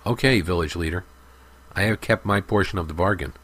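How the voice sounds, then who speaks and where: A man voicing a smooth-talking young merchant with a glib, persuasive manner. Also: low voice, fairly quick, fairly bright tone.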